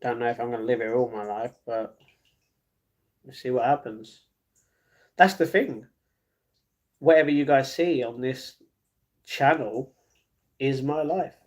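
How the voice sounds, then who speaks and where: A man's voice: mid-range voice, measured pace, pauses often. A man from London with a London accent, chatting casually on a live stream, reading out chat messages and answering them with frequent chuckles. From London, England. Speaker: livestreamer. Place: at home.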